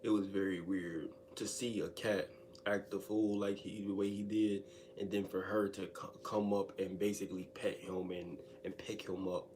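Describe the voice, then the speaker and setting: A man telling a story in a casual storytime monologue, slangy and animated, and speaking directly to his listeners. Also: deep voice, moderate pace, a little hiss or hum.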